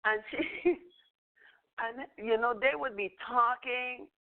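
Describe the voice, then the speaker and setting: A woman's voice: fairly high pitch, slow pace. Older woman, rambling storyteller with a chuckle; phone-quality audio. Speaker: spiritual teacher. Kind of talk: casual teaching talk. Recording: tinny phone-line audio.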